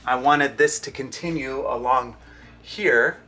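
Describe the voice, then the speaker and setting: A man hosting a family vlog, explaining a home project in a relaxed, chatty way with small restarts. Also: medium pitch, unhurried. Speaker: father, vlog host.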